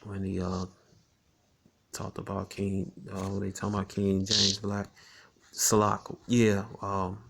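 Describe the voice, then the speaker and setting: A man teaching scripture in a relaxed, conversational way. He often ends phrases with "man" and "all right" and reads verses slowly, with frequent chuckles between lines. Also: low-pitched, gravelly, husky. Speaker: Bible teacher.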